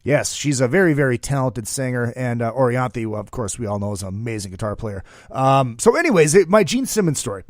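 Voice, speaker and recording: A man hosting a casual interview show, telling stories in an animated way and swearing freely. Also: medium pitch, fast talker, few pauses, dry recording, studio quality. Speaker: radio show host.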